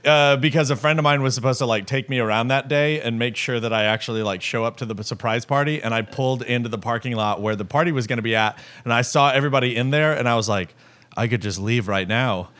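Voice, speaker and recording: A man's voice: medium pitch, fast, hardly any pauses, fairly bright tone. A young man co-hosting a podcast, telling stories in a casual chat full of "like" fillers. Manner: chatty storyteller, many "like" fillers. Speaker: podcast co-host.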